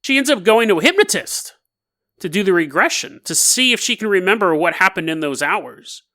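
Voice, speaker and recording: A podcast host telling an odd story in a loose, animated way and laughing between lines. His voice sits high for a man and leaps around in pitch. The tone is bright and forward. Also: a little fast. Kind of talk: casual storytelling.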